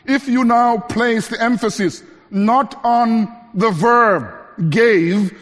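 A man preaching a sermon, rising to emphatic lines and dropping to quiet ones, slowing to stress key words. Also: in a large hall. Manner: preaching with wide swings between raised emphatic lines and low quiet ones; slows down to stress key phrases.

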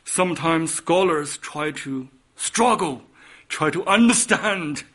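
A male preacher delivers a sermon in an unhurried, measured cadence. His voice sits a little high for a man. He surges to loud, emphatic peaks and then drops to hushed, quiet lines. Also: lively intonation.

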